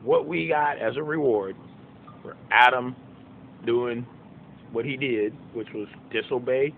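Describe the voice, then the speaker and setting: A man's voice: mid-range voice, unhurried, gravelly. Fifties male preacher, casual and emphatic, repeating points with folksy rhetorical questions, tinny lo-fi phone audio. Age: 50s. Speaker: preacher and songwriter. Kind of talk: informal preaching monologue.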